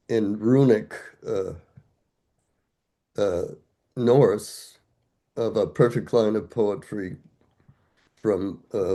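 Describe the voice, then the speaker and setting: A man's voice: on the low side, dark tone. An older man, a guest scholar, explaining ideas step by step in a thoughtful, conversational academic way, asking himself rhetorical questions.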